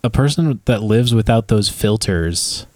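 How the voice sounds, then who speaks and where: A man hosting a podcast, asking measured, thoughtful questions of his guest. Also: fairly low pitch, animated, darkish tone, dry recording. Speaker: podcast host. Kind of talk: interviewing a guest.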